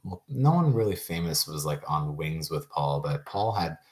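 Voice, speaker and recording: A man's voice: a bass voice, sing-song, moderate pace, darkish tone. A man hosting a podcast in casual chat, rambling and trailing off with lots of "like.". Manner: rambling, full of "like" and trailing thoughts. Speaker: podcast host.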